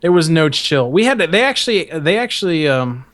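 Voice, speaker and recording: Profane rambling young podcast host. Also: male voice, a little high, sing-song, a little fast, fairly bright tone. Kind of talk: casual storytelling.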